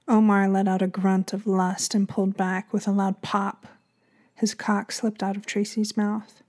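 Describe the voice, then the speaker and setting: A woman narrating an erotic audiobook in a soft, half-whispered reading voice. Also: medium pitch, little pitch movement, moderate pace.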